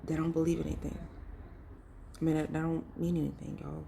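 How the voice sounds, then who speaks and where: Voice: medium pitch, flat delivery, fairly quick, creaky, warm tone, slight background noise. A ministry vlogger giving earnest, emphatic commentary and talking straight to viewers in a casual, pleading way. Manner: casual and direct, addressing viewers as y'all. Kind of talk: preachy vlog commentary.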